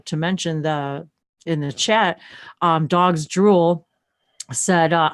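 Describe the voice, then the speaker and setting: A woman hosting a live-stream chat, talking in a gushing, rambling way with many restarts and breaking into channeled light language. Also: on the low side. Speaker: host.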